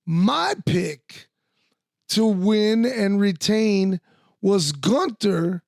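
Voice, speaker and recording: A man co-hosting a casual wrestling podcast, talking in an animated, profane way and laughing often. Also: high voice, drawn-out words, vocal fry, dry recording, studio quality. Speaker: podcast co-host, former wrestler. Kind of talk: casual sports chat.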